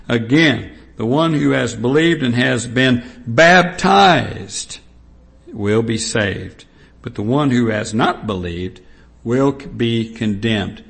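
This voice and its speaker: A man preaching a sermon, reading scripture aloud and stressing points slowly and emphatically with repetition. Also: medium pitch, gravelly, a bit bright.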